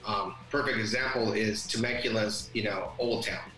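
A man's voice: on the low side, fairly even intonation, normal speed, roomy sound, over music, low-quality recording. A man in a casual podcast chat who tells long, rambling stories and acts out the dialogue. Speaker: guest.

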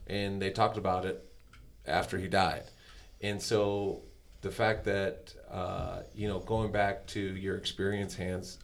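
A middle-aged podcast host tells stories in a rambling, casual conversation. His deep voice carries vocal fry, and there's a little hiss or hum in the recording.

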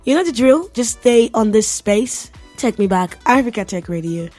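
A woman's voice: on the high side, expressive, normal speed, mellow, faint music behind. A woman from Nigeria, hosting a casual radio tech show and chatting playfully with her listeners, laughing often. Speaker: radio host.

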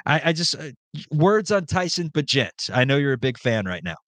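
A man co-hosting a casual sports podcast, talking in an animated, joking way with quick asides. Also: fairly high pitch, dry recording. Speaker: podcast co-host.

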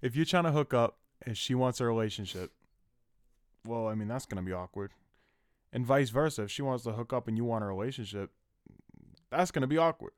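A man's voice: medium pitch, expressive, brisk, pauses often, clean tone, no room sound, studio quality. A man co-hosting a casual podcast, joking and laughing often while giving dating advice. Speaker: podcast co-host.

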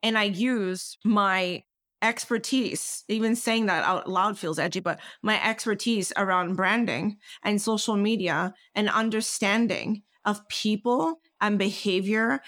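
A woman's voice: medium pitch, measured pace, fairly bright tone, no room sound, studio quality. A woman, a podcast guest talking passionately and emphatically, swearing freely. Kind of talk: candid conversational interview.

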